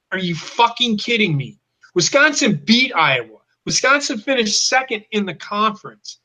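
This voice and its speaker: A man with a high, bright voice rants in heated, blunt bursts. He swears constantly as he co-hosts a casual football talk show. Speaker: co-host. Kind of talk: profane football rant.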